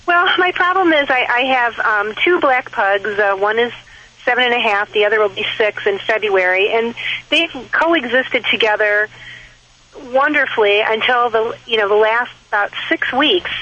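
Bright-voiced woman caller on a phone line. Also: a little high, expressive, normal speed. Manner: hesitant, lots of ums, describes things at length. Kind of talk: call-in radio chat.

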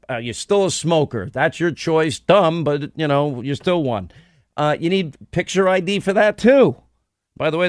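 A combative male talk host delivers a sarcastic political monologue, stacking one rhetorical question on another. His voice sits a little high for a man. The studio sound is dry and close, with no room echo.

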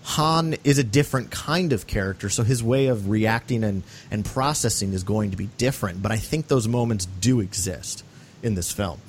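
A man hosting a podcast, talking through a film in an earnest, animated way and often checking for agreement. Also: fairly low pitch, moderate pace, slight background noise. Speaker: podcast host. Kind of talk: casual film discussion.

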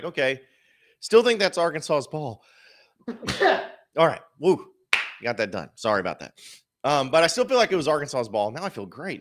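A man's voice: medium pitch, fairly bright tone. A man hosting a solo sports podcast, giving casual, opinionated commentary with wry asides.

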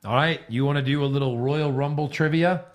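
A man co-hosting a casual podcast, teasing the others with quick reactions. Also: mid-range voice. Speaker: podcast co-host. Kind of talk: casual chat.

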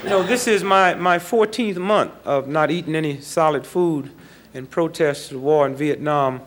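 A man doing a stand-up comedy set on a TV show, telling stories with deadpan punchlines before a live studio audience. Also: fairly high pitch, normal speed, heavy background noise.

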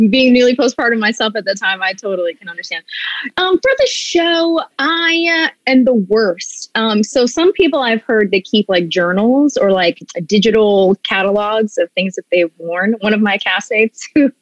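A woman in her thirties, guesting on a podcast, chats frankly with lots of energy in a breezy, animated way. Her voice is a little high at normal speed, captured in a low-quality recording with no room sound.

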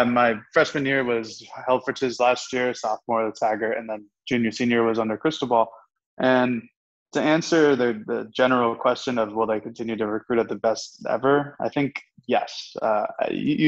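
A young man co-hosts a relaxed sports chat, taking his time with fillers and restarts. His voice comes through a muffled, lo-fi connection, and his pitch sits in an ordinary middle range. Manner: easygoing, hesitant with fillers. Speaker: co-host. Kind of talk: casual sports talk.

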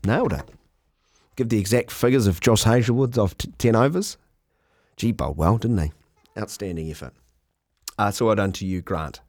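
A man hosting a cricket podcast in casual, animated, self-mocking chat. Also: fairly low pitch, moderate pace, long pauses, no echo, studio quality.

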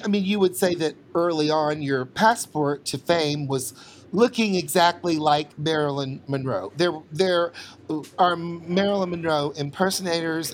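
A man's voice: a little high, a little hiss or hum. An older man with a Southern US accent hosting a podcast interview in a campy, playful, teasing way. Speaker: podcast host. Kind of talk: casual interview chat.

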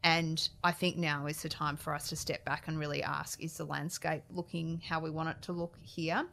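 Low-voiced Australian woman politician. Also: flat delivery, normal speed, gravelly, a bit bright. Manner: earnest, frank, restarts phrases. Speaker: politician, shadow minister. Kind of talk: interview answers.

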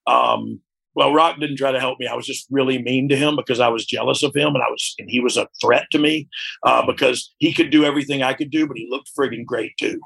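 Man, interview guest, heavy gravel in the voice, frank, reflective, conversational. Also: medium pitch, fairly even intonation, fairly quick, a bit bright. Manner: frank and reflective, often asks "you know what I mean?". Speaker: interview guest, former wrestler.

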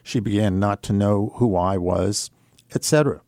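Older man, low register, dry close sound; measured, reflective radio storyteller with hesitant pauses. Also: warm tone, dry recording. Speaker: radio guest. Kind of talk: personal storytelling on talk radio.

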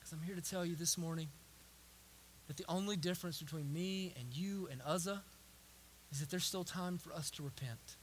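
A young man preaching a sermon, swinging from hushed storytelling to loud emphatic preaching, with repeated phrases and restarts. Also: a little high, normal speed, slight background noise. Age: young adult. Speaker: pastor.

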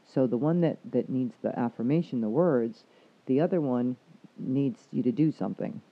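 A man's voice: mid-range voice, moderate pace, breathy edge. Give me a frank, foul-mouthed male counselor chatting casually on a muffled, lo-fi recording. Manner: frank, swears freely, acts out quotes. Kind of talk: casual chat. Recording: dull lo-fi recording.

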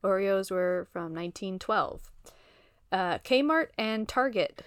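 A woman's voice: mid-range voice, lively intonation, slow, clean tone, dry recording, clean studio sound. A woman hosting a trivia quiz, reading out answers plainly and laughing easily between them. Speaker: quiz host.

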